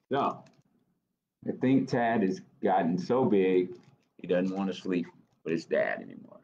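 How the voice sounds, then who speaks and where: Male storytime host, slow and animated reading to kids, dull lo-fi stream. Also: low-pitched, gravelly, slight background noise. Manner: gentle, engaging, asks kids questions. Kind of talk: reading picture books aloud to children.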